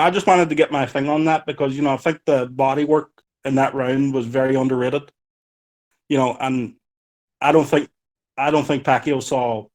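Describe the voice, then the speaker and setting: A man's voice: mid-range voice, darkish tone. Chatty Donegal Irish man. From Ireland. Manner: easygoing, chatty, full of "you know". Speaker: caller. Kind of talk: casual podcast call.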